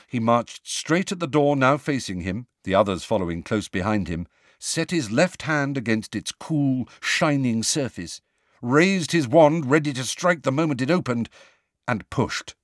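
A man narrating an audiobook with an expressive, steady reading. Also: mid-range voice, measured pace, dry recording, studio quality.

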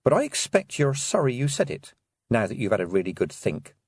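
A man voicing a calm, firm young girl witch who speaks in a measured way. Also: medium pitch, breathy edge, no echo, clean studio sound.

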